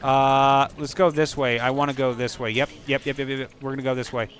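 A gaming channel host gives casual let's-play commentary over a video game in a medium-pitched voice at a fairly quick pace. He's excitable and profane, breaking into silly rhymes and sound effects.

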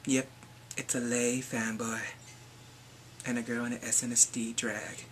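A man giving a casual fan recap vlog, excitable and swinging between whispers and shrieks. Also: mid-range voice, a little fast, a little hiss or hum. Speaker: fan vlogger.

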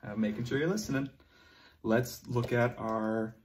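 A man's voice: medium pitch, steady tone, measured pace, a little mellow. A male teacher leading a vocabulary lesson for young children, encouraging them and praising them often.

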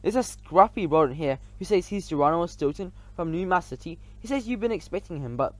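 A man's voice: a little high, lively intonation, a little fast, natural voice. A man reading aloud, voicing a haughty, scornful rat doorman who sneers at a visitor. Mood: grudging. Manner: sneering, disbelieving.

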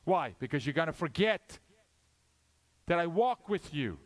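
Man, guest preacher, sermon, fairly high voice, big swings from loud to hushed. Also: very animated, unhurried.

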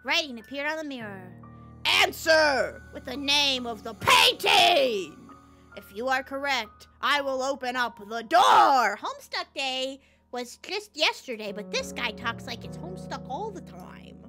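A woman's voice: sits high, big pitch swings, measured pace, bright, forceful tone, soft background music. A woman with a Southern American accent streaming a game, goofy and chatty, reading game text aloud. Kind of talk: casual let's-play commentary.

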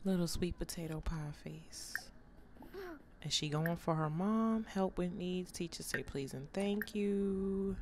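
A woman with a slightly low voice gives a sassy, joking running commentary as she plays a life-simulation game. She teases the characters constantly, with the easy chatter of a gaming channel host. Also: takes it slowly, background noise. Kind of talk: let's play commentary.

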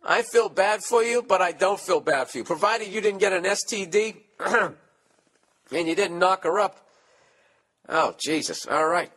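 A man's voice: high voice, expressive, a little slow, fairly bright tone. A man hosting a comedy podcast, reading listener letters aloud and riffing on them with profane, sarcastic asides. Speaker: podcast host.

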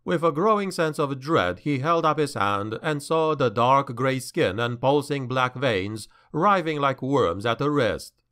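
Slow, crisp male fantasy narrator. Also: mid-range voice, animated, a bit bright. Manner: slow, measured, dramatic. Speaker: audiobook narrator. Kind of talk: scripted fantasy audiobook narration.

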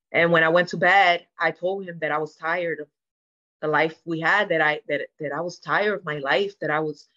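In a candid sit-down podcast, a woman guest recounts her story with earnest emotion, taking on the voices of the people she quotes. Her voice sits low yet sounds bright and forceful, and the recording is slightly dull and lo-fi.

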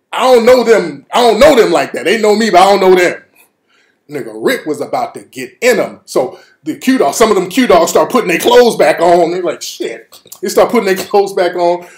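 A male host telling a comic story, animated and profane. His voice rides high and swings widely in pitch. A roomy echo surrounds him. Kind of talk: comedic storytelling.

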